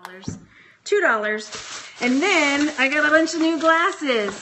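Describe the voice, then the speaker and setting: High, bright-voiced chatty woman. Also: expressive, unhurried, slight background noise. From Texas. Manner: chatty, giggly, rambling. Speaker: reseller vlogger. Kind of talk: casual livestream chat.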